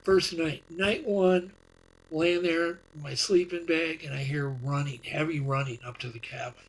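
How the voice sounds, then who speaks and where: A man's voice: a little high, steady tone, a little slow, poor audio. A man, a guest on a podcast, telling a long story in a casual, rambling way, often restarting and repeating words.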